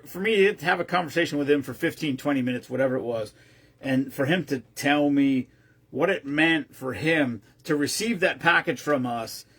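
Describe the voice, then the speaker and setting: A man's voice: on the high side, a bit bright, husky. A man hosting his own show, telling a long-winded, rambling story casually with lots of restarts. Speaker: host of a veteran care-package group.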